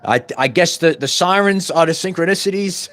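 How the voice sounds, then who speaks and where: A middle-aged man hosting a podcast, giving a fervent spiritual monologue full of repetitions and stumbling restarts that rises into loud bursts. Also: high-pitched, moderate pace. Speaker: podcast host.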